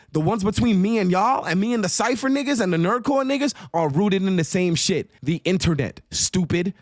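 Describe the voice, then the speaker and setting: A man's voice: a little high, dry recording, clean studio sound. A man in his thirties telling an angry, profane story and mocking other people by acting out their lines.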